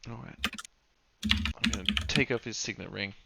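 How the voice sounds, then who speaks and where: Gravelly man, tabletop player, solemn in character, loud background noise. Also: fairly low pitch, normal speed. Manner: solemn, soft-spoken when in character.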